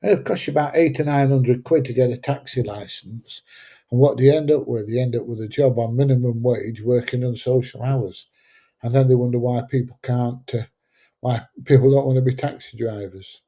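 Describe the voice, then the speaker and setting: Rambling older Sheffield man, mellow voice. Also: mid-range voice, fairly even intonation, normal speed. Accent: Sheffield English. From Sheffield, England. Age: 70s. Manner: rambling, chatty, blunt, drops into mild swearing. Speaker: livestream host. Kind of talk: casual livestream chat reading out viewer comments.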